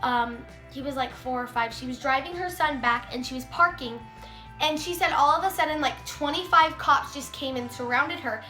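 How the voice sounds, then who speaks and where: High, bright teen girl vlogger. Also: normal speed. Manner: chatty, heavy use of "like", acts out quotes. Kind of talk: casual storytime vlog. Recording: echoey room, faint music.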